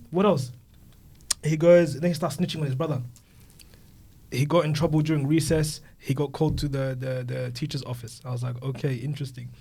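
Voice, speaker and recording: Lively young man telling funny stories. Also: on the high side, gravelly. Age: 20s. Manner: animated storyteller, acts out voices of kids. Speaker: podcast co-host. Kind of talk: casual storytelling chat.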